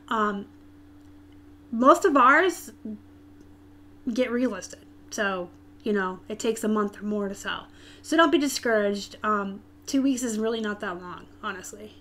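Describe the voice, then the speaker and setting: A woman's voice: medium pitch, lively intonation, measured pace, long pauses, fairly bright tone, slight background noise. A woman from Arizona with a light Southern US accent, hosting a casual live stream and answering viewers' chat comments directly. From Tucson, Arizona, US.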